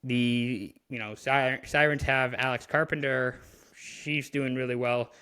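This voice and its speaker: This Canadian podcast co-host chats casually about hockey in an unhurried, steady mid-range voice that sounds pushed, bright, clear and resonant. His sports talk rambles, full of fillers and restarts.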